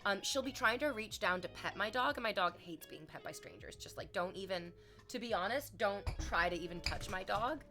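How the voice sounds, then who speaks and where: A woman's voice: medium pitch, expressive, fairly quick, bright, forceful tone, soft background music. A young woman streaming, chatting casually with her viewers and telling a story with playful quoted voices. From Canada.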